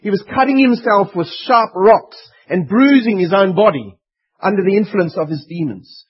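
A man's voice: sits high, expressive, normal speed, slightly rough, muffled recording. A man preaching a sermon in an earnest, emphatic way. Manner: earnest, emphatic, voicing pleading demons.

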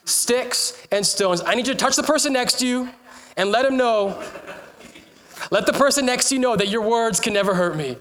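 A man's voice: very high voice, moderate pace. A man preaching a sermon in a humorous, storytelling way, joking with and rallying his congregation. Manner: animated, joking, rallying the crowd.

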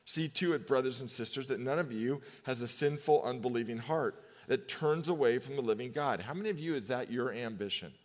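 A man in his fifties preaching a sermon as a pastor, conversational, telling personal stories and slowing down for emphatic pauses. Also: medium pitch. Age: 50s. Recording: long hall reverb.

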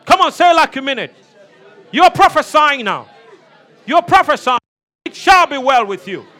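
A man preaching a sermon as pastor, shouting repeated declarations to a congregation and then dropping to soft, low passages. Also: lively intonation, normal speed, long pauses, a faint crowd.

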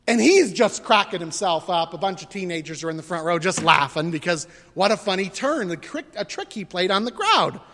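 A man preaching a conversational sermon, animated and full of rhetorical questions. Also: high-pitched, big-room sound. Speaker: pastor.

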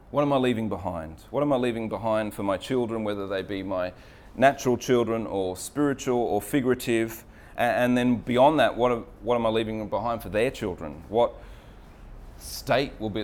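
A man giving an earnest, reflective faith talk in an air-conditioned cafe. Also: on the low side. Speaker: speaker sharing faith reflections.

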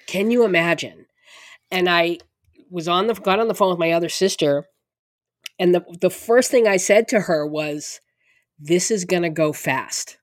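A middle-aged woman with a fairly low voice talks at a normal speed in a dry, studio-quality recording. As a podcast co-host in casual conversation, she restarts often and laughs her way through hard moments.

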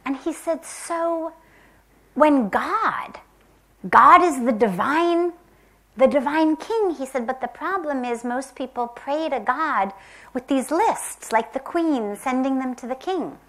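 A woman from the United States telling a spiritual parable in a soft, gentle, reflective way, sometimes dropping to a whisper. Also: high voice, expressive. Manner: slow, gentle and reflective, with long pauses. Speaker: spiritual teacher. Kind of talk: spiritual storytelling talk.

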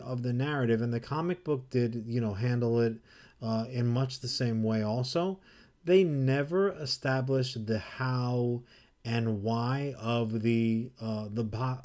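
A man with a mid-pitched voice co-hosts a casual podcast. He rambles through his points, circles back on himself and teases his co-host between laughs. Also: a little mellow. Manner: rambling, teasing, laughs often.

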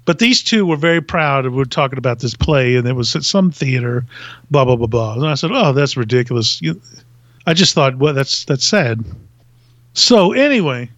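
A man from Virginia, a podcast guest telling comic stories in an animated way and laughing as he goes. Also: mid-range voice, moderate pace, no echo. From Virginia, USA. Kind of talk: comic storytelling. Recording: dull lo-fi dry recording.

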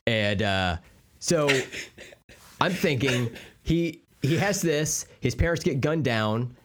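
A man co-hosting a podcast in casual chat, giggly and animated. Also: medium pitch, takes it slowly. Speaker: podcast co-host.

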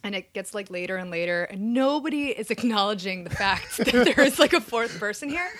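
A woman's voice: mid-range voice, fairly quick, slight background noise. A woman in her thirties casually telling a personal story, acting out what people said. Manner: animated storyteller acting out quotes. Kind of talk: casual anecdote.

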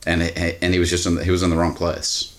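A man with an extremely deep, low voice tells a loose, rambling story on a casual podcast. He piles up fillers and restarts his sentences as he goes. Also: completely flat delivery, fast talker. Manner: rambling anecdotes full of fillers. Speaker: podcast co-host. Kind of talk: casual chat.

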